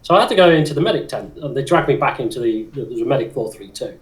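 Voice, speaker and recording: A man's voice: mid-range voice, animated, very fast. A man in his fifties, chatting casually and telling rambling stories that he laughs through. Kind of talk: casual chat.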